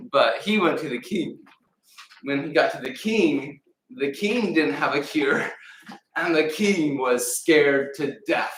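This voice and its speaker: Animated storytelling preacher in an echoey church. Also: male voice, mid-range voice, slight background noise. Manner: animated storyteller acting out voices. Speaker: pastor. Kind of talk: storytelling sermon. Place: church sanctuary. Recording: echoey room, mic at a distance.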